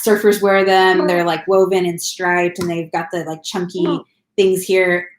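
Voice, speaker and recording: A woman's voice: lowish voice, little pitch movement, unhurried, echoey room, slight background noise. A woman in her thirties from California, chatting casually on a home live stream, rambling and laughing often. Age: 30s. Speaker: vlogger. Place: home, indoors.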